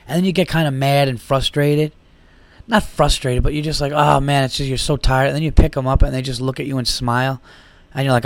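A tired, slightly sick man in his thirties rambles through a solo comedy podcast, swearing freely and riffing with giddy energy. His voice sits at an ordinary pitch. The sound is dry and close, with little room around it. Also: level tone, normal speed, long pauses, no room sound. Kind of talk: casual solo podcast monologue.

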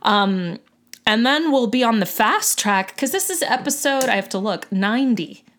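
A woman's voice: a little high, lively intonation, moderate pace, a bit bright. A woman co-hosting a podcast in casual chat, talking loosely with frequent laughs and filler words. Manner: chatty, laughs often, many ums. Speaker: podcast co-host.

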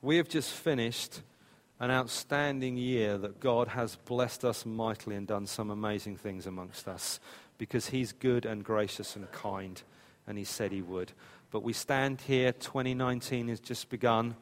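A man preaching a sermon as pastor, animated and acting out quotes in his storytelling. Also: medium pitch, a little slow. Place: church hall. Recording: church hall reverb.

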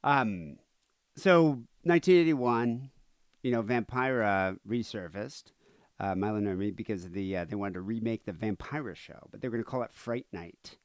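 A man's voice: on the low side, moderate pace, no room sound. A man co-hosting a podcast, telling a story in a rambling casual way, full of "uh" and "you know". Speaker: podcast co-host.

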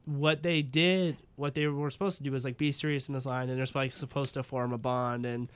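Guy hosting a chatty podcast, smooth clear voice, rambles a lot with tons of likes and ums. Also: medium pitch, steady tone, brisk. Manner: rambling, many fillers, laughs often. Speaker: podcast host. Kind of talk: casual chat.

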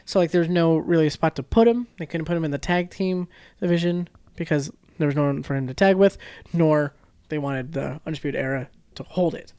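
A chatty podcast co-host talking casually at a mid pitch. Quick delivery with plenty of fillers. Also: darkish tone, clear, resonant tone, no room sound. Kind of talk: casual chat.

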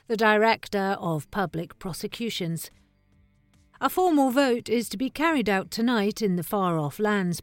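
A woman reading as a deadpan news announcer. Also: mid-range voice, dry recording. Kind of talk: mock news bulletin.

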